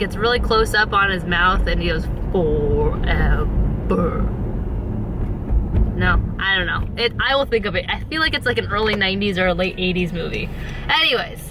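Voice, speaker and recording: A young woman vlogging at home, talking in a rambling, chatty way and slipping into a high baby voice for her puppy. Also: heavy background noise. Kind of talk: casual vlog chat.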